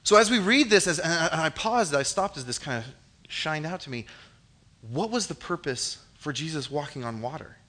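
A young man giving a casual sermon, reading scripture and acting out the scenes in an animated, joking way. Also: fairly high pitch, normal speed. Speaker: preacher. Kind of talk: casual youth-style sermon with Bible reading.

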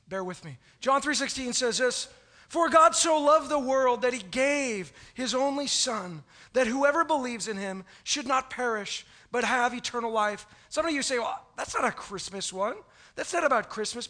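Guy pastor cracking jokes in a sermon, kinda high bright voice, chatty w lots of restarts. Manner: chatty, joking, with many restarts. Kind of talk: Christmas Eve sermon with jokes.

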